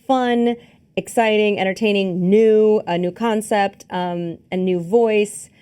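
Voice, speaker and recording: A woman's voice: mid-range voice, slow, clear, resonant tone. Chatty woman co-hosting a film podcast. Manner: animated storytelling with acted-out quotes and many fillers. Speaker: podcast co-host. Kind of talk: casual chat about films. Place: studio filmed with two cameras.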